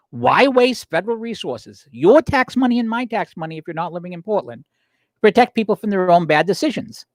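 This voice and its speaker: A male podcast host argues his case, with rhetorical questions and frequent self-corrections. His pitch swings widely as he presses each point. The sound is dry and close, with no room echo. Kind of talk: opinion commentary podcast, reading quotes aloud.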